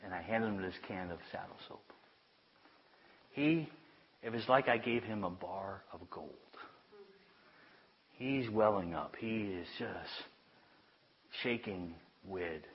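A man preaching to a congregation, telling a personal story in a chatty, self-amused way and dropping to a hush for the tender lines. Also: fairly low pitch. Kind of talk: sermon storytelling. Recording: dull lo-fi sound.

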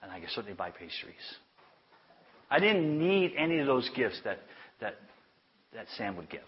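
A man tells a church congregation a personal story as a sermon, chatty and amused at himself, letting his voice sink low and quiet on the heartfelt moments. His voice sits at an ordinary middle pitch. The recording is dull and lo-fi. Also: very animated, moderate pace. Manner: chatty, self-amused, drops to a hush for tender lines. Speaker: preacher. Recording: dull lo-fi sound.

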